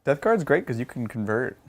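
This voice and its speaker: A man's voice: medium pitch, a little hiss or hum. A man co-hosting a casual tabletop gaming chat, explaining tactics with examples. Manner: explains game tactics with examples, chuckles often. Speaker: co-host.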